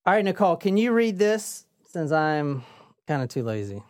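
A man's voice: on the high side, sing-song, normal speed, dry recording, clean studio sound. A man hosting a casual true-crime podcast, reading out case notes and joking with his co-hosts. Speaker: podcast host.

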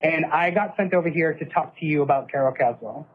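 A man tells his own story in an earnest, steady way, quoting what he and others said. His voice sits a little high for a man and comes through a narrow, tinny line like a phone call. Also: a little fast, slight background noise. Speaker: interviewee recounting events. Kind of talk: personal account, clip played on a podcast.

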